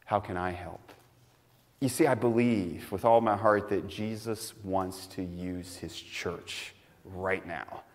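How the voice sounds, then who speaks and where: A man preaching a sermon as pastor, telling a personal story in a conversational way and dropping to soft, quiet emphasis. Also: sits low, steady tone, slow. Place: church sanctuary. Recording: long hall reverb.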